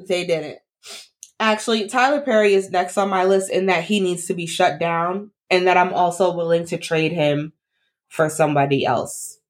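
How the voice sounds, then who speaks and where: A woman's voice: fairly low pitch, normal speed. Blunt joking woman co-host. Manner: blunt and joking, repeats her lines for emphasis. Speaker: podcast co-host. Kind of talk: casual chat.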